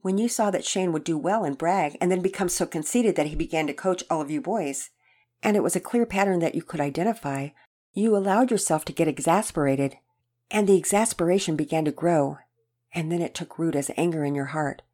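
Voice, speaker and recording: A woman voicing a gentle, patient dad in a storybook, calmly explaining a lesson to his boy. Her lowered voice sounds steady and instructive. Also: a little fast. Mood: teaching. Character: gentle patient father teaching his son. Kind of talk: storybook reading.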